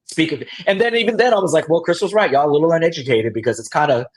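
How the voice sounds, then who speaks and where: Speaking very fast in a fairly high voice, a man hosts a casual podcast recap. He acts out quotes with laughs, keeping the storytelling animated.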